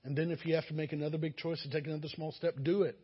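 A man's voice: fairly high pitch, little pitch movement, racing, husky, dull audio. A man preaching a sermon, earnest and exhorting, sometimes acting out the voices of listeners. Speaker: pastor.

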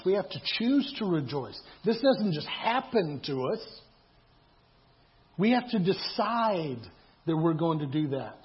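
A man preaching a sermon in a conversational way, repeating himself and asking rhetorical questions. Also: high voice. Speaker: pastor. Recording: dull lo-fi sound.

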